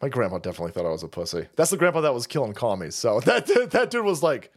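A man's voice: mid-range voice, brisk, pauses often. A man hosting a livestream, ranting casually to chat, swearing constantly and laughing between stories. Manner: swears constantly, laughs often, animated storytelling. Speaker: livestream host reading chat. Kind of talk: profane casual rant.

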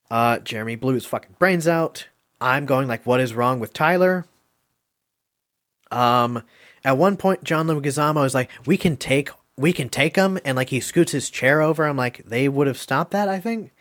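A man hosting a casual podcast, rambling through favorite moments with lots of swearing, filler words and laughs. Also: medium pitch. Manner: rambling, profane, laughs often. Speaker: podcast host reviewing a film.

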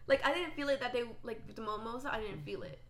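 A woman's voice: a little high, quick pace, crowd noise. A young woman co-hosting a casual chat podcast, rambling with lots of fillers. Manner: rambling, filler-heavy, many "like"s. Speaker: podcast co-host.

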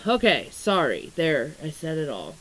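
A young woman with a slightly low-pitched voice chats candidly to her audience. Her talk is loose and rambling, peppered with swearing and fillers as she jumps between topics. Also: huge pitch swings, slow pace, rough recording. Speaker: astrology content creator. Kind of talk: casual vlog about weight struggles and astrology.

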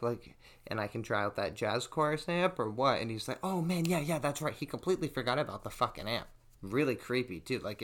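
Young male podcast host, casual and profane storyteller. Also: mid-range voice. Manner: profane, animated storytelling, acts out quotes.

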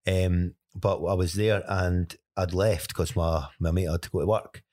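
Deep-voiced Scottish man, dry close sound. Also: fairly even intonation, a little slow, a little mellow, no echo. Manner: earnest, recounts events step by step. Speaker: podcast co-host. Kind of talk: casual chat, storytelling.

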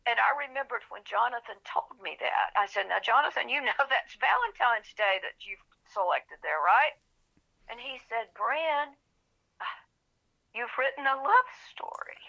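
Brief: woman guest, animated storyteller, bright gravelly voice, lo-fi sound. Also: a little high, normal speed. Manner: animated storyteller, acts out quotes. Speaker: author guest. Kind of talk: storytelling interview. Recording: dull lo-fi phone-like audio.

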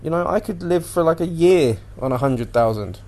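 A man's voice: a little high, animated, normal speed, dark tone. A man hosting a casual solo podcast, rambling and swearing as he animatedly retells what he watched on TV. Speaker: podcast host.

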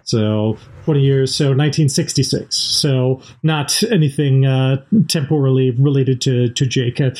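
A man's voice: mid-range voice, fairly even intonation, a little slow, hardly any pauses, darkish tone. A man co-hosting a book podcast, talking through story details thoughtfully and with some hesitation. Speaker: podcast co-host. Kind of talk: casual book discussion.

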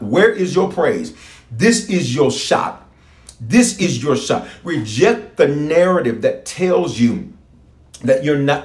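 Male pastor, emphatic, repetitive exhortation, highly animated delivery, echoey room. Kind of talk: fiery livestream prayer sermon. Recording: roomy echo.

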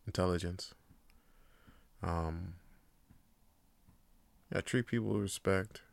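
A man hosting his own podcast in a casual, rambling monologue, cursing and joking and often breaking into loud hyped bursts. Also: deep voice, steady tone, takes it slowly, gravelly, dry recording. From Canada. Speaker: podcast host.

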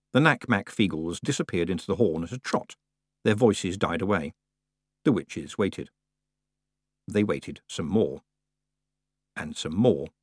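A man narrating an audiobook in a lively, expressive storytelling manner. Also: deep voice, unhurried, pauses often, husky, no echo, studio quality.

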